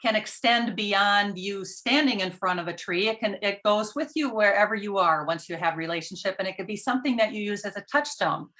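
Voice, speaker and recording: A woman hosting an interview, asking thoughtful questions with hesitant pauses and fillers. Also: medium pitch, bright, forceful tone. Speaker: interview host.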